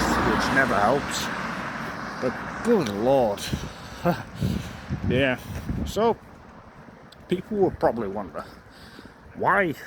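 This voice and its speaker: Young man vlogging on a walk. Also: medium pitch. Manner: rambling, many fillers and restarts. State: slightly out of breath. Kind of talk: casual walking vlog monologue. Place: outdoors on a residential street. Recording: outdoor street noise, passing cars.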